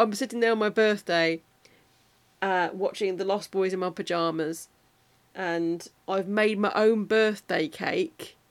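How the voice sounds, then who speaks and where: Chatty self-mocking woman podcast host. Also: mid-range voice. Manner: self-deprecating, animated, quotes films in put-on voices. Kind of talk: casual chatty monologue.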